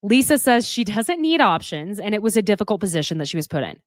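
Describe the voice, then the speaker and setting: A woman giving a casual, opinionated recap of a reality show, candid and quick to swear. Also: medium pitch, very animated, dry recording.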